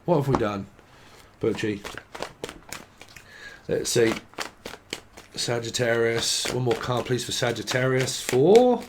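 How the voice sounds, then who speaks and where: A man's voice: medium pitch, animated, slow pace, long pauses, background noise. Rambling, profane man. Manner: rambling, profane, laughs often, mimics imagined people. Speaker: tarot reader. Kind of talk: casual tarot reading to camera.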